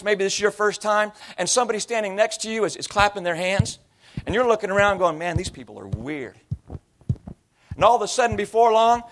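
Male pastor, 30s-40s, high-pitched voice; conversational sermon full of anecdotes and mimicry. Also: fairly bright tone. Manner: storytelling, slipping into imitated voices and accents.

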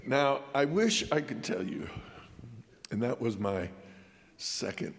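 A man's voice: mid-range voice, expressive, slight background noise. Male preacher from Colorado with a homespun sermon story and a medium voice, recorded in a reverberant hall. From Colorado, USA. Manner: folksy, halting storyteller who drops to a hush at emotional points. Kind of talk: sermon with a personal childhood story.

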